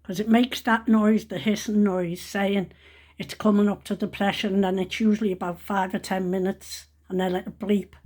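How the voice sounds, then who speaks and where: A woman's voice: medium pitch, flat delivery, normal speed, a little mellow. Chatty older woman cooking at home. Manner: chatty, rambling, self-correcting. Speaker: home cook, grandmother. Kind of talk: casual cooking vlog. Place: home kitchen.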